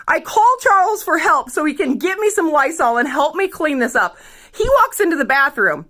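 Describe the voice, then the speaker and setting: A woman telling an embarrassing story with a high, bright voice that swings all over. She gets frantic and shouts as if close to tears. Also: sing-song, moderate pace. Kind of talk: storytime monologue.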